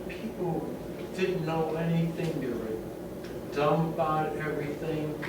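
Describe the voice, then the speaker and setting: A man from the United States in the audience asks a slow, rambling question. He is far from the microphone, so the room echoes heavily around him. Loud noise sits under his voice. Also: fairly high pitch. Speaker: audience member asking a question.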